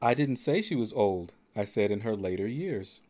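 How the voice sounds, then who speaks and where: A man's voice: lowish voice, expressive, normal speed, a little mellow. A middle-aged man hosting a game stream and chatting casually, laid-back and dryly joking. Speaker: streamer hosting a gaming channel.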